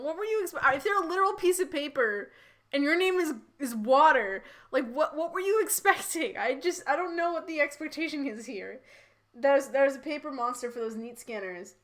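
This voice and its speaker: A woman's voice: high-pitched, animated, a little fast, fairly bright tone. A woman streamer reading fan fiction aloud and commenting in a rambling, giggly, incredulous way. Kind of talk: live-read with commentary.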